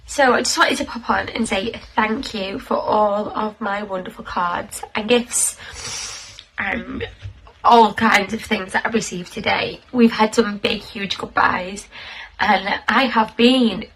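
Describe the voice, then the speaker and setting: A young woman, thanking her class's families in a tearful, halting, heartfelt way. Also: mid-range voice, steady tone, fairly bright tone, slight background noise, low-quality recording. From North West England. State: tearful, close to crying. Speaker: toddler class leader. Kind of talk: casual thank-you message to parents.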